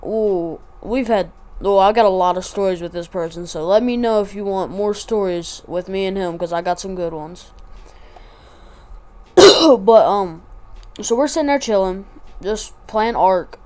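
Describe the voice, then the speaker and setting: A woman's voice: medium pitch, a little slow, darkish tone. Rambling slangy woman telling a story. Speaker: vlogger. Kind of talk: casual storytime.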